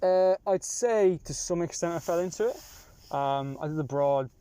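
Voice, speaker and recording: A young Irish man in his twenties, a taxi passenger explaining things in relaxed casual chat, with many fillers and restarts. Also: fairly high pitch, moderate pace, clear, resonant tone. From Ireland. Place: inside a taxi.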